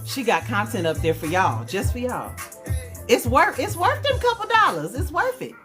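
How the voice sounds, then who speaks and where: A woman, chatting casually on a live stream and reading aloud from her own writing in an animated, chatty way. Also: a little high, normal speed, faint music behind. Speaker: livestream host and author.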